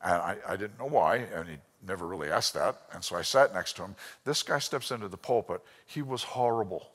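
Male Bible teacher, low voice, animated storyteller, long hall reverb. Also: fairly quick, slightly rough. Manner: storytelling, voices quotes, drops to a whisper. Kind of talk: lively sermon with anecdotes.

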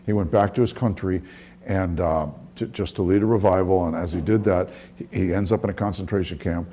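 A middle-aged man preaches a sermon as a pastor, his low, steady, mellow voice moving fairly quickly over slight background noise. He tells stories conversationally and keeps restarting his sentences.

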